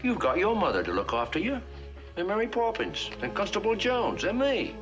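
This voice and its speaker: A kindly chimney sweep with a put-on lilt, his voice swooping up and down in a folksy, coaxing way. It comes from a muffled old film soundtrack, with music playing clearly underneath. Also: sits high, big pitch swings, normal speed. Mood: tender. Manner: lilting, folksy, gently persuasive. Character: cheerful adult male chimney sweep, kindly.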